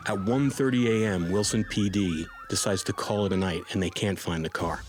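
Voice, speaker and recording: A man co-host giving scripted true crime narration in a steady, serious way. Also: on the low side, normal speed. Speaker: podcast co-host.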